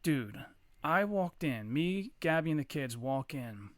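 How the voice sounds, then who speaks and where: Talking slowly in a high voice, a man co-hosting a podcast tells a long, profane story in a casual, animated manner, doing impressions of the people in it. No room sound is audible.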